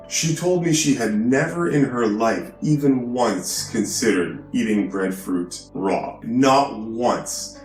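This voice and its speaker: A man's voice: mid-range voice, roomy sound. A man hosting a vlog from a hotel room, lecturing emphatically and often asking "right?". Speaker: video host. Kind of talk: preachy vlog monologue.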